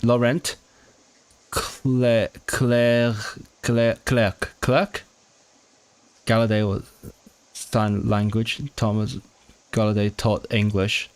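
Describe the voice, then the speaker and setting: A low-pitched man talks at an unhurried, slow pace during a live study stream. He thinks aloud and stumbles over restarted words. His puzzled asides to himself keep the talk halting. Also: flat delivery, clean tone. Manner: halting, restarting words while working out signed content; puzzled self-questioning asides. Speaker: language-learning streamer.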